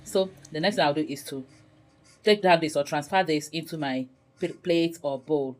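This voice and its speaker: A woman's voice: deep voice, moderate pace, poor audio. A woman hosting a home cooking tutorial. She talks viewers through each step in a chatty way and laughs often. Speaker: cooking channel host. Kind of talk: casual cooking tutorial narration.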